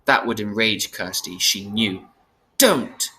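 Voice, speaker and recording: A man reading a storybook chapter aloud in a steady, plain manner, sometimes correcting himself. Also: medium pitch, normal speed. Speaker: reader.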